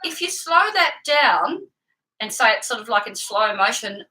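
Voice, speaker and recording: A woman teaching singing, with a bright, ringing tone and a voice set a little high. She walks through vocal technique patiently and clearly, step by step. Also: very animated, moderate pace, rough recording. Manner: explains clearly and patiently, with sung examples. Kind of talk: vocal lesson with sung demonstrations.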